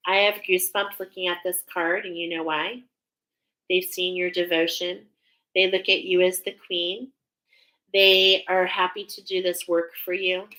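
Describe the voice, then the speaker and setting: Bright-voiced emotional woman card reader. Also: lowish voice, level tone, normal speed, poor audio. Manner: emotional, gushing, speaks in images. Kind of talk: live spiritual card reading. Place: live stream at home.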